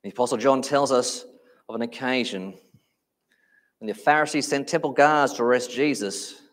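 Man, preacher, sermon, emphatic, slows on key phrases, medium pitch.

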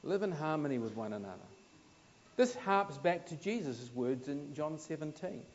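A man from New Zealand with a New Zealand accent, preaching a sermon in a conversational, anecdotal way, with emphatic swells that drop to soft asides. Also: on the high side, lively intonation, moderate pace, muffled recording, a little hiss or hum.

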